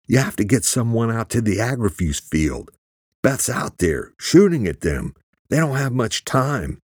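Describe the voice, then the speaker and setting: Man voicing a frantic young man, husky, urgent shouting, dry close sound. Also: medium pitch, big pitch swings, a little slow, no echo, pitched above the performer's own voice.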